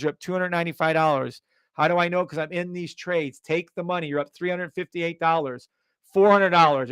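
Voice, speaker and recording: Hyped, swearing live-stream trading host. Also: male voice, fairly high pitch, vocal fry, clean tone, no echo. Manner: loud, hyped, profane, swings between shouting and muttering.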